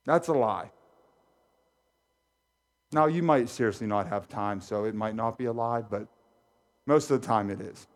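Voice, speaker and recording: A middle-aged man preaching a sermon as pastor, animated and jokey, talking straight to his congregation in a church. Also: on the low side, unhurried, pauses often. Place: church sanctuary.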